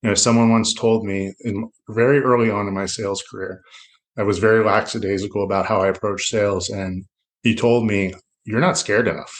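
This middle-aged South Florida man, a loan officer, is a podcast guest with a fairly low pitch, brisk pace, and flat delivery. His casual interview talk is reflective and meandering, full of restarts.

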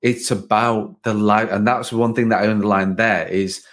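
A man's voice: on the low side, steady tone, moderate pace, a bit bright. A man hosting a podcast, talking in a loose, rambling way with many restarts. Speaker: podcast host. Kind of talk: casual interview chat.

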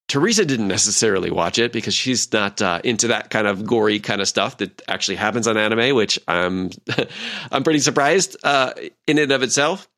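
Forties guy coaching on his podcast, kinda low voice, rambly and casual, acts out little quotes. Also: animated, brisk, fairly bright tone. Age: 40s. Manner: conversational, lots of fillers and acted-out quotes. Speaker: podcast host and leadership coach.

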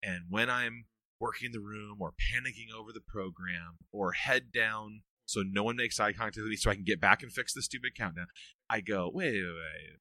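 A middle-aged man talking about youth ministry in a casual podcast interview, telling stories with earnest energy and quick laughs. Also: lowish voice, pushed and bright, no echo.

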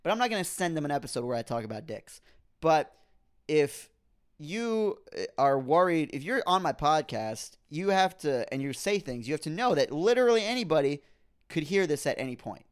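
A man's voice: fairly high pitch, normal speed, clear, resonant tone. A young man hosting his own podcast, rambling through a comedic rant and breaking off mid-thought before building to exasperation. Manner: rambling, self-interrupting, rises to animated exasperation. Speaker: podcast host.

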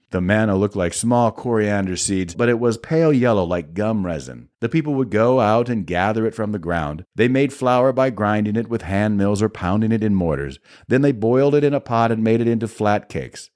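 A man reads scripture aloud in a measured, expressive way. His voice sits on the low side and moves through a wide, lively range of pitch. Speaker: Bible reader.

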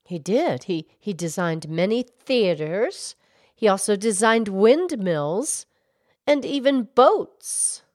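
A woman voicing a gentle female cow who calmly explains history on a children's show. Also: medium pitch, slow pace, no echo, clean studio sound. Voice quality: calm, explanatory, hesitant restarts. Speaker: co-host, explainer.

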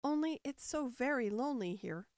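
Woman voicing an earnest, polite young girl in a storybook; bright, lively delivery with a dry, close sound. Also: high-pitched, measured pace, no echo, voice pushed up, exaggerated voice. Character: polite, curious little girl Alice.

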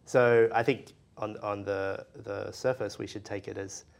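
A man's voice: fairly low pitch, steady tone, a little slow, creaky. A man giving a tentative reading in an academic discussion, hesitant and full of restarts. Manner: hesitant, many fillers and restarts. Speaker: podcast discussant.

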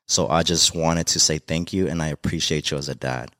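A man's voice: very deep voice, steady tone, fairly quick, sharp tone, no echo, studio quality. A young man from Mexico, a podcast guest, talking in a heartfelt, rambling way with many fillers about being a dad. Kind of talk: emotional casual conversation.

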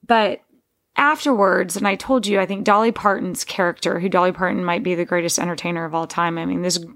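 A woman's voice: fairly low pitch, fairly even intonation, fairly quick, fairly bright tone. A woman hosting a podcast, talking in a rambling, digressive casual monologue with frequent restarts. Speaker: podcast host.

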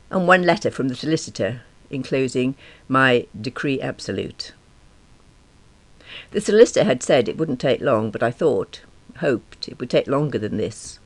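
A woman of about fifty reads a first-person diary-style story in a wry, self-deprecating and expressive way. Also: rumbling low. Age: around 50. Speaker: narrator.

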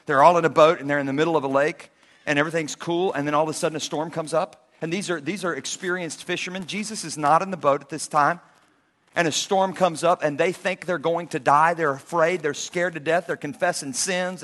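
A man preaching a sermon as a pastor, telling stories in a lively way and acting out the characters. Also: a little high, a little fast. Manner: animated storytelling preacher who acts out the characters. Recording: reverberant hall.

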